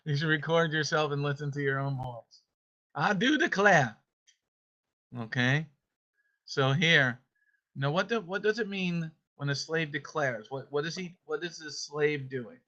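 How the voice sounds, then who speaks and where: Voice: mid-range voice, moderate pace, sharp tone. A teacher running an online homeschool class over a video call, playfully calling on students by name and reading scripture aloud. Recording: dull lo-fi call audio.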